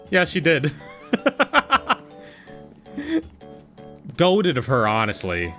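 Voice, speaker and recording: A man streaming a game, chatting casually and joking in quick, rambling asides to his viewers. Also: fairly high pitch, pushed and bright. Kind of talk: casual livestream chat while gaming.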